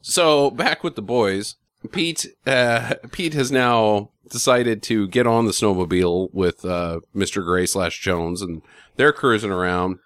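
A man in casual chat recapping a film, animated, swearing freely and dropping into silly voices. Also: fairly low pitch, measured pace, dry recording, clean studio sound. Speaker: podcast co-host recapping a film.

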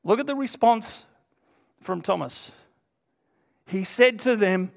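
A man's voice: sits high, slow pace, gravelly, long pauses. A man preaching a sermon to a congregation, earnest and emphatic, retelling scripture in everyday speech.

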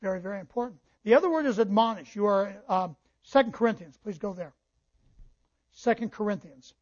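A male pastor reads scripture aloud during a sermon and explains it to the congregation, tossing in asides. He speaks fairly quickly in a high, darkish voice, and the church recording is dull and lo-fi.

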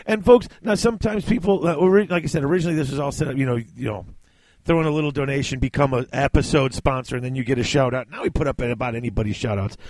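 A man co-hosting a podcast in casual chat, animated, laughing often and acting out movie lines. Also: mid-range voice, fast talker, no echo. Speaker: podcast co-host.

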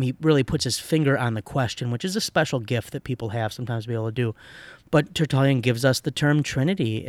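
A man who teaches and once led a parish, explaining church history in a relaxed, chatty way with many fillers and restarts. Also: mid-range voice, no echo. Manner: conversational, lively, with fillers and self-corrections. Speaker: podcast co-host, pastor and teacher. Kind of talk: casual theological discussion.

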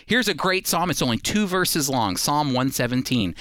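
A man teaching on the Bible in a radio program, expressive and emphatic, repeating key points so they stick. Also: on the high side, moderate pace, hardly any pauses, no room sound, clean studio sound. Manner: expressive, reads scripture aloud with feeling.

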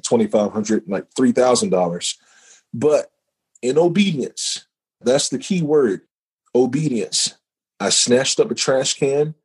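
Husky-voiced man telling a faith story. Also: mid-range voice, a little mellow, rough recording. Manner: emotional, emphatic storytelling with repetitions. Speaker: podcast guest, former football player. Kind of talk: personal testimony storytelling.

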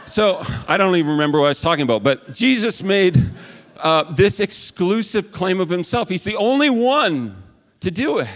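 High-voiced man preaching in reverberant hall. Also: big pitch swings, normal speed. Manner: chatty, with self-mocking asides. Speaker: pastor. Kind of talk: conversational sermon.

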